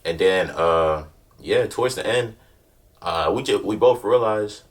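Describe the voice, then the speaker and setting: A man's voice: on the low side, a little slow, distant mic. A young man casually telling a story in slang, constantly checking in with the listener. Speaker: vlogger.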